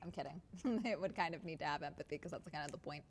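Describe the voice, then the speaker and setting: A woman's voice: low voice, fast talker, a little hiss or hum. A woman chatting casually on a livestream, rambling with many fillers and restarts. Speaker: streamer.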